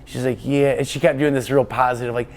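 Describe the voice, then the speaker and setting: A man's voice: medium pitch, fairly even intonation, quick pace, darkish tone. A man being interviewed as an endurance cyclist, telling a long story in a casual, rambling way with plenty of fillers and restarts.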